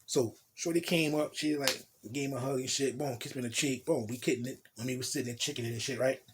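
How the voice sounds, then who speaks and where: A young man from New Jersey casually telling a profane, animated storytime tale in street slang, acting out what people said. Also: mid-range voice, quick pace, a little hiss or hum.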